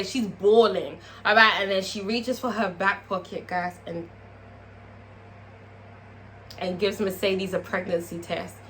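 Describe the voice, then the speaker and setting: A woman recapping a TV episode in a casual vlog, profane and animated, talking straight to her viewers. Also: medium pitch, a little hiss or hum. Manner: profane, animated, chatty, asks viewers questions. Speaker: TV show reviewer.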